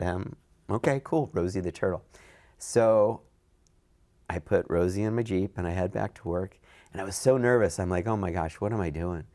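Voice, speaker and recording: A middle-aged man telling a long workplace story in an oral history interview, acting out the dialogue in a raised voice. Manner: animated, acts out quoted dialogue with raised pitch. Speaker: interviewee, events program manager.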